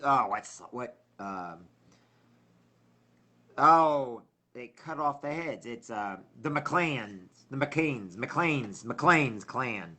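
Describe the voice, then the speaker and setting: A man's voice: medium pitch, takes it slowly, bright, forceful tone. A middle-aged man hosting a casual livestream, rambling and chatty, often losing his train of thought. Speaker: livestream host.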